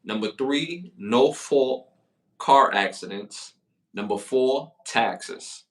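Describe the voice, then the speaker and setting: A man with a Brooklyn accent co-hosting a hip-hop podcast, hyping up the chat with slangy shout-outs in casual talk. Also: mid-range voice, animated, takes it slowly. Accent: Brooklyn, New York. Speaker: podcast co-host.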